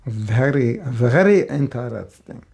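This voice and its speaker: A man's voice: medium pitch, lively intonation, slow pace, vocal fry, a little mellow, slightly rough. An older man giving a spiritual class, telling a personal story in a rambling, conversational way with many fillers. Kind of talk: casual storytelling lecture.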